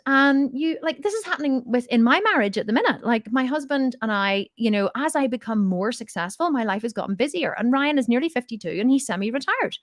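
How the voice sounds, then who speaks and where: A middle-aged woman with a fairly high voice coaches listeners through a motivational Q&A. She speaks emphatically and hammers points home by repeating them. The sound is close and dry, with no room around it. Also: expressive, fast, few pauses, no echo. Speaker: fitness and mindset coach. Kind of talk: motivational Q&A talk.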